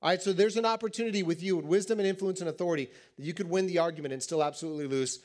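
A man in his thirties preaching to teens in a joking, animated way, acting out little scenes. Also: high-pitched, very fast. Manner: animated, joking, acts out quotes. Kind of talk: sermon to teens.

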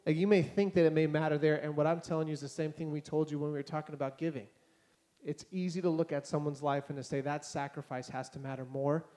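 A man's voice: a little high, fast talker. A male pastor preaching a casual, conversational sermon to a congregation and acting out conversations as he tells stories. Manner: conversational, animated, acts out dialogue. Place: church hall before a congregation.

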